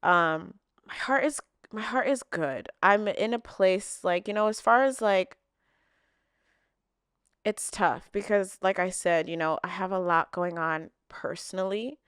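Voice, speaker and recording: A woman's voice: mid-range voice, unhurried, fairly bright tone, clear, resonant tone, no echo, studio quality. A young woman chatting casually to camera, answering viewer questions in an open, emotional way with lots of filler words. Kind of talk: casual heartfelt chat to camera.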